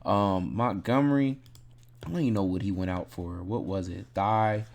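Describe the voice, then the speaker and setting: A man's voice: deep voice, moderate pace, creaky. A man casually breaking down fantasy football picks, thinking aloud in a laid-back, rambling way and correcting himself as he goes.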